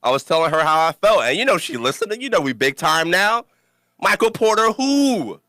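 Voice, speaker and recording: Young man, podcast host, bright voice, dry close sound, animated, laughs a lot. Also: on the high side, fast, dry recording. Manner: animated storytelling, laughs often, cusses freely. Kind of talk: casual podcast banter.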